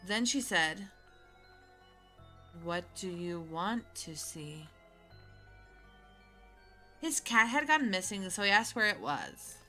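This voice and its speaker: A woman's voice: lowish voice, very slow, long pauses, pushed and bright, soft background music, pitched below the performer's own voice, exaggerated voice. A woman voicing a bubbly young schoolgirl in a Valley Girl drawl, reading game dialogue aloud. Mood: gossipy.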